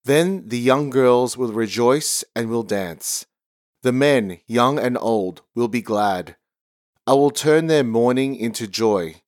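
A male lector recites a psalm at a slow, deliberate pace. His voice is close and dry, with no room around it, in a formal liturgical manner. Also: medium pitch, darkish tone, no echo. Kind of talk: liturgical reading.

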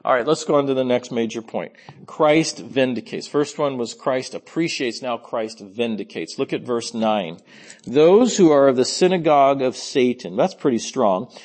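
A man preaching a sermon in an earnest, emphatic way, often restarting his phrases. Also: medium pitch. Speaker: pastor.

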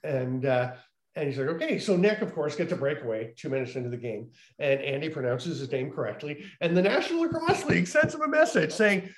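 A man, a lacrosse broadcaster co-hosting a casual chat, telling lively anecdotes and laughing along. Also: a little high, brisk. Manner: animated, laughs through his stories.

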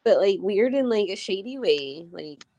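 A woman's voice: mid-range voice, animated, moderate pace, mellow, dry recording, lo-fi sound. A woman, a mother, chatting on a podcast in a blunt, profane, chatty way. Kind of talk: casual podcast chat.

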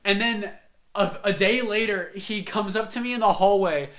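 A teenage boy co-hosting a casual podcast, telling stories with loud, animated acted-out quotes. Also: sits high, normal speed. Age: teens. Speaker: podcast co-host. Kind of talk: casual chat.

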